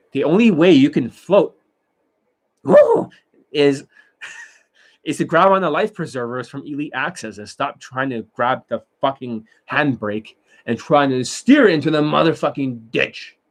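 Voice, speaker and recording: A man's voice: medium pitch, lively intonation, a little slow, pauses often. Profane, boastful man coaching. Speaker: dating coach. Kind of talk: rambling coaching monologue.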